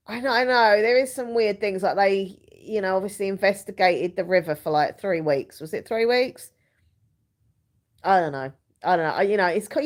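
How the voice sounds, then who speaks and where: A young woman chats to her viewers on a live stream from home. She rambles from story to story, giggles at herself and answers comments as they come in, all at an everyday middle pitch. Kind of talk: casual live chat, reading comments.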